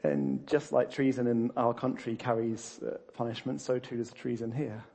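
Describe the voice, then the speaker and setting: Animated husky man preaching. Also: medium pitch, moderate pace. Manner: animated, laughing often, many restarts and fillers. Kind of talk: sermon.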